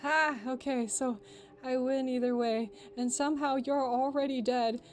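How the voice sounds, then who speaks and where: A woman's voice: sits high, unhurried. A young woman streaming a let's play, reading a visual novel aloud and reacting expressively with frequent swearing. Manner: expressive, swears often, shrieks when startled.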